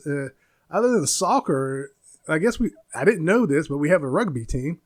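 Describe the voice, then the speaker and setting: A man's voice: fairly high pitch, lively intonation, normal speed. Rambling American man in his forties. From United States. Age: 40s. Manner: rambling, laughs often, searches for words. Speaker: podcast host. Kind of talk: casual solo podcast rant.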